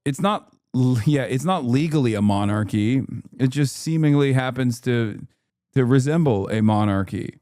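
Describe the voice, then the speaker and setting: A man hosting a stream, reacting to a video in rapid, argumentative, exasperated casual commentary. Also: mid-range voice, animated, a little mellow, dry recording, clean studio sound. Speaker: streamer host.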